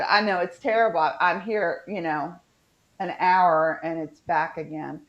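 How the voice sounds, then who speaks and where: A woman's voice: on the low side, steady tone, a little slow. Chatty West Virginian woman, dull lo-fi. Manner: chatty, rambling, with frequent ums. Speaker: co-host. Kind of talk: casual chat on a video call.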